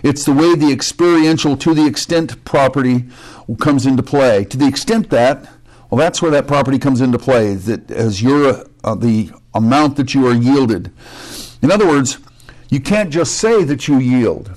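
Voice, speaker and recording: A man's voice: mid-range voice, moderate pace, darkish tone. A male pastor preaching a sermon in a conversational way, with joking asides, restarts and rhetorical questions.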